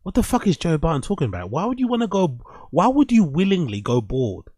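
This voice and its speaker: A man casually commentating on clips he is watching, profane and animated, talking back at them. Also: a little high, fairly quick, no room sound. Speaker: streamer reacting to clips.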